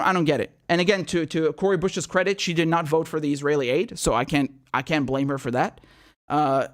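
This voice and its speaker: A man hosting a political commentary show, ranting in outrage with rapid rhetorical questions and frequent swearing. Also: fairly high pitch. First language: not American.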